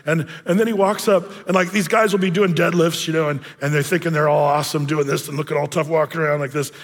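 Male pastor, high voice, casual storytelling sermon full of filler words, long church reverb. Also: fairly even intonation, fast. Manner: chatty, storytelling, many fillers. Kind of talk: conversational sermon. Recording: long reverb of a large hall.

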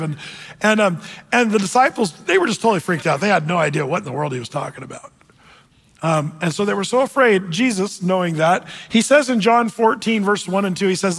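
High-voiced pastor guy preaching, chatty storyteller, leans hard on slow phrases, big echoey church hall. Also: expressive, vocal fry, fairly bright tone. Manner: conversational, storytelling, emphatic with slow stressed phrases. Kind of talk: sermon.

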